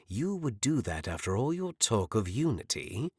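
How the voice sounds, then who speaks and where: A man voicing a sly, obedient hooded assassin who speaks slowly and quietly. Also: lowish voice, very animated, slightly rough, no room sound, studio quality.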